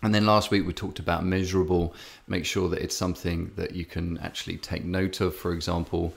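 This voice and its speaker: English male podcast co-host, deep and gravelly, loose rambling delivery. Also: level tone, fairly quick. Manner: rambling storyteller, many fillers and restarts. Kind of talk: casual podcast chat.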